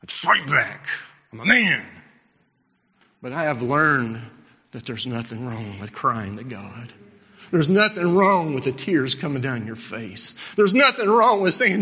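Fervent preacher man, bright voice. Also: medium pitch, very animated, measured pace, slightly rough, big-room sound, highs cut off. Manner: impassioned preaching, swinging from loud to hushed. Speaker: pastor. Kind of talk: sermon.

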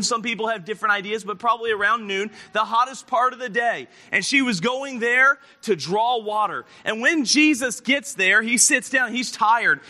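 A man preaching a lively children's sermon at a camp, reading scripture aloud and retelling the stories. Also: high-pitched. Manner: lively storytelling to kids, reads scripture aloud.

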